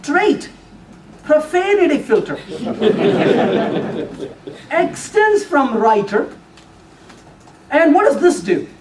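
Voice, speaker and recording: A man's voice: very high voice, sing-song, drawn-out words, long pauses. A middle-aged man giving a live technical talk to an audience, playful and teasing, quizzing the room with questions. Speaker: conference speaker. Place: meeting room before an audience. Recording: roomy, distant, faint room noise.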